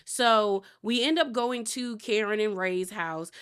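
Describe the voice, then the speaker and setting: Recap host, woman, bright forward tone, animated and chatty, laughs a lot. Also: mid-range voice, slow pace, clear, resonant tone. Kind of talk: casual reality TV recap.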